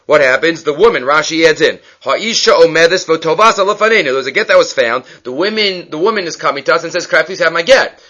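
A Talmud teacher gives a lively text-study lecture in a slightly high voice with a bright, forceful tone, speaking quickly with hardly any pauses. He constantly checks in with "right?" and acts out the people in his stories, and the sound is lo-fi.

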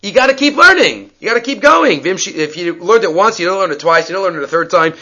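Animated man giving a Talmud lecture. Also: high voice, highs cut off. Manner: mixes Aramaic and Hebrew readings with quick English explanation; animated, acts out dialogue with rising voice. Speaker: Talmud teacher.

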